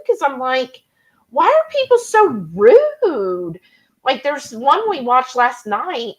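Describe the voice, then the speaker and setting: A woman chats away on a live cooking stream, rambling happily from one topic to the next. Her voice sits on the high side and swoops around with plenty of lilt. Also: a bit bright, low-quality recording. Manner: chatty, rambling, reads chat comments aloud. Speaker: cooking channel host. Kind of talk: casual live-stream chat.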